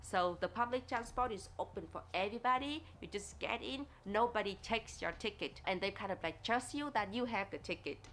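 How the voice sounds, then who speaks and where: A woman chats casually for her vlog, lively and expressive, her English carrying grammar. Her pitch sits in a middling range, and a faint hum of noise runs behind her. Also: brisk, few pauses. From Vietnam. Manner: chatty and expressive, laughs often, non-native English grammar. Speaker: vlogger.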